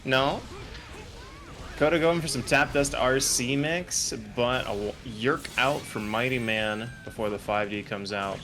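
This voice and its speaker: A man commentating an online fighting game tournament, calling moves quickly and joking between plays. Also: mid-range voice, over music. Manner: excitable, joking, rapid technical call-outs. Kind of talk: esports play-by-play commentary. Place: home setup, online broadcast.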